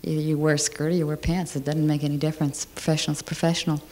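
Lower-voiced woman speaking firmly. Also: little pitch movement, fast, darkish tone. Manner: firm, emphatic statements. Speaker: architect and panelist. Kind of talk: panel discussion.

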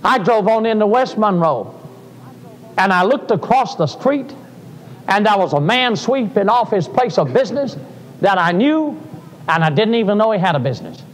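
Old preacher guy, high pitched, tells stories then cries out, church echo. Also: animated, moderate pace. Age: older. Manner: folksy storytelling, rising to fervent cries. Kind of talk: sermon. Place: church sanctuary. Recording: live sermon in a reverberant church.

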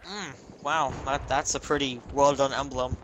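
A young man gaming with friends, teasing and sarcastic, talking in an animated way. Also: medium pitch, moderate pace, very noisy. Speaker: gamer. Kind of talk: casual gaming chat.

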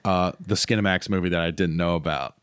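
A man's voice: sits low, fairly even intonation, a little fast, smooth, no room sound, studio quality. A man in his thirties, a comedian guest on a podcast, casually telling a long story full of "uh"s and self-corrections.

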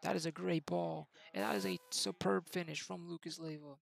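Gravelly young man doing game commentary. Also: on the high side, a little fast, rough recording. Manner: mock play-by-play commentary, excitable on goals. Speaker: gaming YouTuber. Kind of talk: gameplay commentary.

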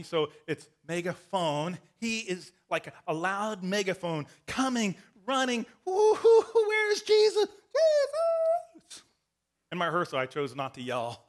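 A man preaching a sermon as pastor, animated, acting out the story and sometimes shouting. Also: high voice.

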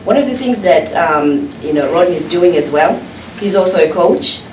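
A woman's voice: on the low side, expressive, normal speed, darkish tone, slight background noise. A woman moderating a book event, enthusiastically talking up a guest and taking questions from the audience. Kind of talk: introducing and promoting guests. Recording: echoey room from far off.

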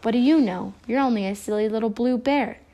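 A scheming mad scientist from a children's storybook, read aloud by a woman. He talks smoothly and with a nasty, sneering edge. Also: on the high side, fast talker, darkish tone, close to an everyday voice. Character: scheming cold-hearted male mad scientist.

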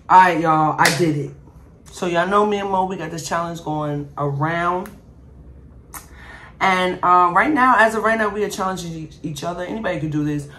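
A woman's voice: lowish voice, normal speed, a bit bright, a little hiss or hum. A woman vlogging as she cooks and eats. She chats straight to viewers as "y'all" and brags playfully about her food while she tastes it. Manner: talks while tasting and eating. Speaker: cooking vlogger. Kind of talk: casual cooking and eating vlog.

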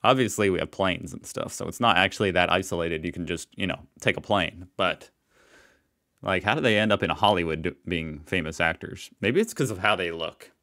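A low-voiced American man talks through a reaction video in a loose, rambling way. His tone is bright and forceful, and he keeps poking fun at himself. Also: brisk. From United States. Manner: chatty, rambling, self-mocking jokes. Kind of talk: casual reaction commentary.

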